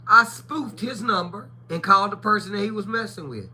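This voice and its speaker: Woman on a livestream, real bright voice, cussing and acting out stories. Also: mid-range voice, fairly quick. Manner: blunt, profane storytelling with acted-out quotes. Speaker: livestream co-host. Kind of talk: casual chat.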